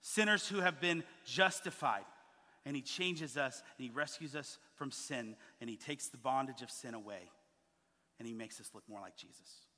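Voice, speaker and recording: Animated pastor in a reverberant hall. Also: male voice, mid-range voice, normal speed. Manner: animated storytelling, acting out quoted voices. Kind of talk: sermon. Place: church sanctuary.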